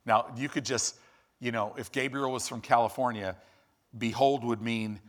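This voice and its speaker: A man preaching a sermon in an animated, exclamatory way with quick asides. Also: medium pitch.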